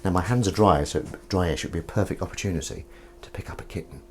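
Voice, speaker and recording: A man with a fairly low voice talks casually while washing up, drifting from one bit of film trivia to the next. He sounds like he's at home in a kitchen. Dishes and cutlery clink faintly in the background. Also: fast talker, a little mellow, slight background noise. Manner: rambling, chatty, jumps between film trivia and asides. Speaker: vlogger washing up.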